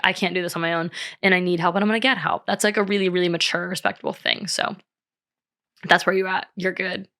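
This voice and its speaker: A woman's voice: medium pitch, a bit bright. A young woman hosting a solo podcast, talking candidly with lots of fillers and frequent swearing. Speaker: podcast host. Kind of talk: casual solo podcast chat.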